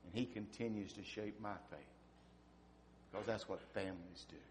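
A man in his fifties preaching a sermon, swinging from hushed, near-whispered lines to loud, emphatic ones. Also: lowish voice, steady tone, normal speed, slight background noise. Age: 50s. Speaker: pastor.

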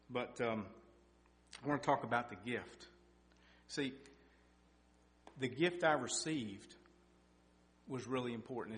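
Middle-aged male lay preacher, mid-range pitch, folksy and animated delivery, recorded in an echoey hall. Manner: folksy, animated, climbs in pitch and loudness for emphasis. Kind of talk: sermon with personal testimony. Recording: echoey hall with faint hum.

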